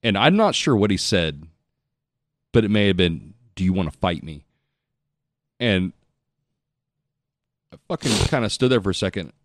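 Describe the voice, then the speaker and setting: A man's voice: low-pitched, sing-song, moderate pace, long pauses, no echo. A man telling a rambling, profane travel story in casual podcast chat. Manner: profane, rambling, self-mocking.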